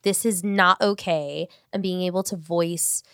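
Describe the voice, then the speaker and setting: A woman chatting casually on a podcast, telling stories with lively acted-out quotes. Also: lowish voice, unhurried, smooth, no room sound, studio quality. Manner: animated, acts out family members' voices in quotes. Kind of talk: casual conversational storytelling.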